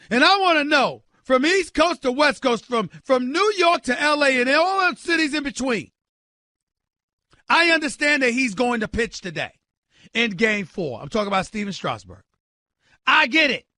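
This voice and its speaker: High-voiced, fired-up sports talk host. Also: male voice, animated, normal speed, no echo. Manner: loud, emphatic, exclaiming, incredulous; calls on listeners directly. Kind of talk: sports radio rant.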